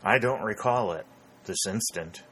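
A man's voice: lowish voice, a little slow, sharp tone, slight background noise. A man voicing a young male Union lieutenant shaken by battle, crying out in raised, urgent exclamations. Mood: polite.

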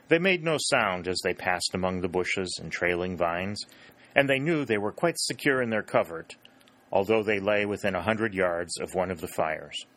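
A man narrating a historical adventure audiobook in an even, unhurried reading style. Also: fairly low pitch.

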